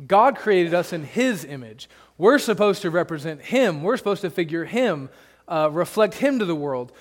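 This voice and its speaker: A man's voice: high voice, in a large hall. A man pastor preaching a sermon, conversational and emphatic, with rhetorical questions to the congregation.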